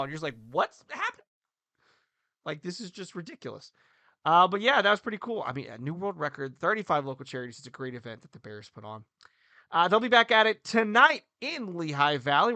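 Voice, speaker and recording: A man in his thirties co-hosting a casual hockey podcast, joking and animated, swinging between loud bursts and quiet asides. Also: fairly high pitch, dry recording. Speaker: podcast co-host, hockey coach. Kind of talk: casual sports podcast chat.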